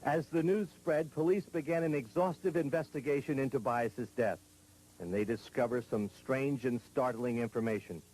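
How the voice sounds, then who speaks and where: A man narrating a television news report in a measured, grave, scripted delivery. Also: mid-range voice, a little mellow, rough recording.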